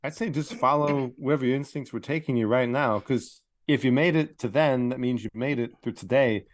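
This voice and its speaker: A man playing a tabletop game, talking in a relaxed, playful way. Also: medium pitch, fairly quick. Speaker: player. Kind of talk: casual tabletop play.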